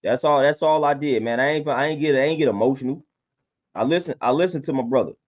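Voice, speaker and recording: A man's voice: mid-range voice, fast, highs cut off. A man talking casually on a livestream, laid-back and preachy, often repeating his points. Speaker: livestream host.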